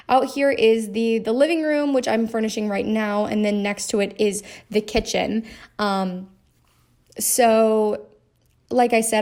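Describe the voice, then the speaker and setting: A woman's voice: medium pitch, a little mellow. A young woman giving a chatty, rambling voice-over on her game build, with lots of fillers. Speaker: game streamer. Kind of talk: casual voice-over commentary.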